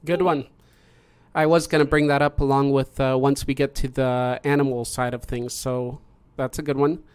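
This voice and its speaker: A man hosting a casual live-streamed panel discussion, explaining in a measured way and pausing mid-thought. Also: mid-range voice, little pitch movement, a little mellow, clean tone, no room sound. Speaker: host.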